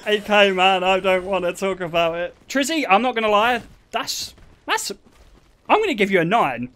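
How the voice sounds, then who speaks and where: A young man streaming live, chatting casually with his viewers in an excitable, joking way and laughing often. His voice is high for a man and swings widely in pitch. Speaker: livestreamer.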